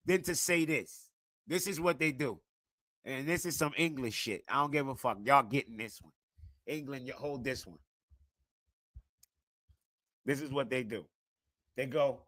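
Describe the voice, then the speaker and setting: A man ranting profanely on a livestream, swinging between quiet muttering and loud outbursts. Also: a little high, no echo. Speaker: streamer and football content creator. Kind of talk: casual livestream rant.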